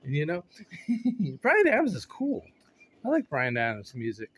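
A vlogger chats goofily and playfully on a casual home video shot on a phone propped on a stand, rambling and laughing often. His voice is a little high, bright, and husky, with wildly swooping pitch and an unhurried pace.

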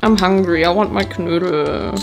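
A young woman from Germany doing a casual, playful taste-test vlog with dramatic reactions. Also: noisy background. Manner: dramatic, playful, quick jumps in pitch. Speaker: vlogger.

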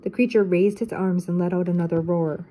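An older woman, a teacher, reading a children's storybook aloud in a steady, clear way. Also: on the low side, a little fast, a little hiss or hum.

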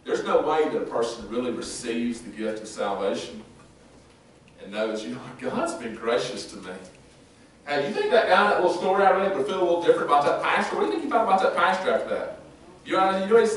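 A male pastor preaching a sermon, swinging between loud emphatic passages and chatty, joking asides to his congregation. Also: on the high side, animated, brisk, far from the mic. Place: church sanctuary. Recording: echoey church recorded from afar.

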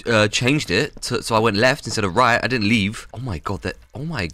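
A man streaming a game live, reacting loudly and excitably with lots of swearing. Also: lowish voice, brisk, no room sound. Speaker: gaming streamer. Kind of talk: casual live-stream gameplay commentary.

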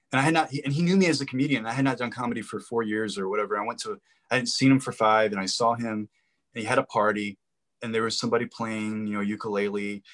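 A man who acts and does comedy, a guest in a casual interview, telling lively anecdotes. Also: lowish voice.

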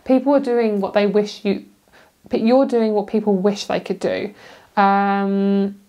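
A woman's voice: medium pitch, steady tone, a little slow, mellow, lo-fi sound. A young British woman giving a casual, rambling tarot reading, chatty and giggly, with many fillers. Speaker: tarot reader.

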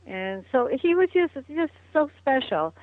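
A woman's voice: high voice, very animated, measured pace, no echo. An older woman reminiscing as a guest in a phone interview, chatty and laughing often. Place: at home on a phone call. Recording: tinny dry phone line.

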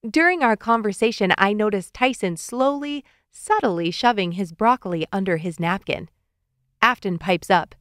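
A woman narrating a children's audiobook in the first person of a young boy, reading clearly and expressively. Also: medium pitch, lively intonation, moderate pace, a bit bright, no room sound, clean studio sound.

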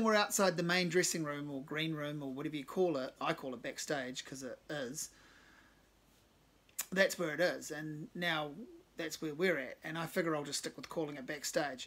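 A man's voice: on the high side, normal speed, fairly bright tone. A man reading his own first-person short story, with wry, self-deprecating asides.

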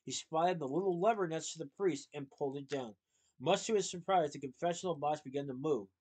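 A man reads a children's novel aloud in a steady, expressive narrating voice. His pitch sits a little above the usual for a man. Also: brisk, husky, poor audio. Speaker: storybook reader.

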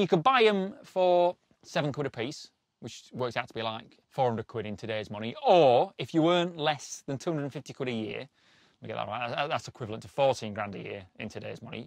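A man's voice: medium pitch, lively intonation, a little fast, gravelly, no room sound, studio quality. A middle-aged man, telling stories to camera in a blunt, casual way, swearing and laughing as he goes. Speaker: documentary presenter.

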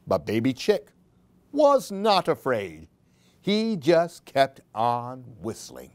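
A woman reading picture books aloud to children in a slow, expressive, sing-song way. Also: very deep voice, a little hiss or hum. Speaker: storyteller.

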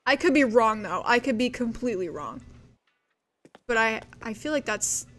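High-voiced giggly woman streamer. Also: normal speed, slight background noise. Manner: excitable, giggly, squeals with delight; reads chat aloud and answers viewers. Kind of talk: casual live-stream chat while gaming.

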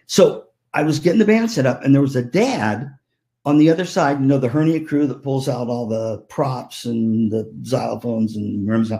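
An older man giving a keynote to music teachers, telling lively anecdotes and acting out the voices of people in them. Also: mid-range voice, moderate pace. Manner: animated, acts out voices in anecdotes. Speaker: keynote speaker. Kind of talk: storytelling keynote. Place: virtual conference talk.

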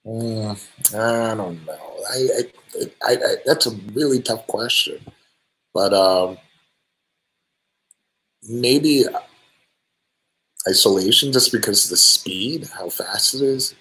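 A band singer answering fan questions on a live stream, friendly and relaxed, with many ums and restarts. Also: male voice, fairly low pitch, slow pace, long pauses, poor audio. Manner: friendly, thanks each fan by name.

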